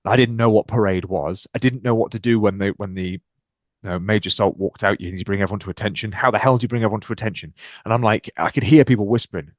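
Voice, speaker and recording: A British man with a very low voice recounts his own stories with energy, jumping into lively acted dialogue. The sound is dry and close, with a muffled, dull edge to the audio. He talks as a guest in a relaxed podcast conversation. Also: fast, no room sound. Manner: energetic, acts out quoted exchanges with lively shifts. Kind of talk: animated storytelling in conversation.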